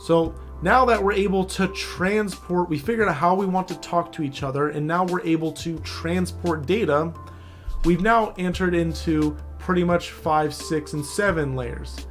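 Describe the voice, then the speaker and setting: In a screen-share tutorial set to soft background music, a man with a high-pitched voice speaks at normal speed. The cybersecurity instructor casually lays out networking basics, loose in manner, checking in with the viewer directly and often saying "all right?"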